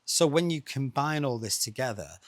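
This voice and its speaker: A middle-aged man, chatting quickly and rhetorically as he explains travel costs to viewers. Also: mid-range voice, animated, dry recording. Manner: chatty, rhetorical, fast-talking. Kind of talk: casual explainer monologue.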